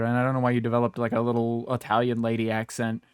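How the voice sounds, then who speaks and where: A young man spins long, rambling stories on a casual podcast, swearing freely and breaking into comic voices. The recording is dry and close, with his voice sitting at a middle pitch. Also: quick pace, clean tone, no room sound. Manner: rambling, profane, animated, puts on comic voices. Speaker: podcast co-host. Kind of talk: casual banter, storytelling with silly voices.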